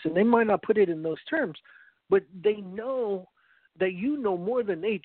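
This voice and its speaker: A high-voiced man preaches earnestly, telling a story and often restarting his phrases. The sound is dry and narrow, like it came over a phone line. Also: normal speed, no room sound. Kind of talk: evangelistic teaching talk.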